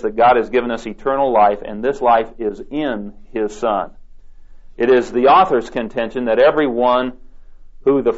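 A man preaching a sermon, reading scripture aloud with deliberate emphasis. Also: mid-range voice. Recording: dull lo-fi tape recording.

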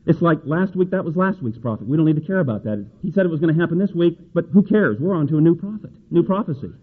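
A man delivers a folksy sermon and reads scripture aloud. His voice climbs to an emphatic pitch on the key verses. The sound is thin and tinny, like a phone line. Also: lively intonation, fast talker, slightly rough. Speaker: preacher.

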